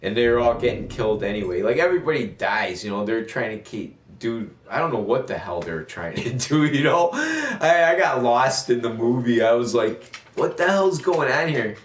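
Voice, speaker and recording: A man's voice: medium pitch, very animated, moderate pace, few pauses. Rambling, profane man in an echoey room. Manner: rambling, profane movie rant. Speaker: gaming livestreamer. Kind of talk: casual chat while streaming.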